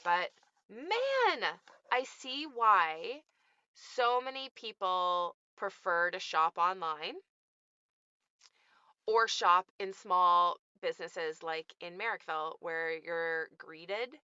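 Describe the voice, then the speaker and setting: Bright, crisp-voiced woman ranting. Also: fairly low pitch, lively intonation, takes it slowly, dry recording, muffled recording. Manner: exasperated, storytelling with mimicked dialogue. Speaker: small shop owner. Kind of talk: casual rant to camera.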